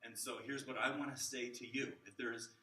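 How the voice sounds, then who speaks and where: A man's voice: mid-range voice, fairly even intonation, brisk, sharp tone. A man teaching a workshop to church volunteers on working with kids, in a chatty style that keeps checking in with his audience. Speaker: children's ministry trainer. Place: church room with adult trainees. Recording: echoey room, distant mic, faint noise.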